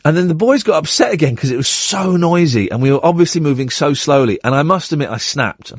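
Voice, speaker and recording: A middle-aged man hosting a radio show, telling an anecdote with lively acted-out quotes. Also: fairly high pitch, fast, few pauses, slightly rough, no room sound, clean studio sound. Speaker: radio host.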